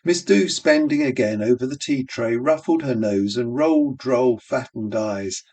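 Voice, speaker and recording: A man reading literary prose aloud, slow and unhurried, shaping each phrase like music. His voice sits at a middle pitch and is heard from a little distance off the mic. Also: darkish tone. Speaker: audiobook reader.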